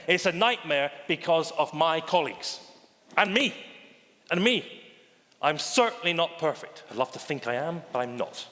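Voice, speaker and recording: A man giving a conference keynote as a bank digital chief, theatrical and storytelling, calling out to the audience and acting out quoted voices. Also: fairly high pitch. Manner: theatrical, addresses audience as ladies and gentlemen; acts out anecdotes with quoted voices. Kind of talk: keynote presentation. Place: conference stage. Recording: reverberant conference hall.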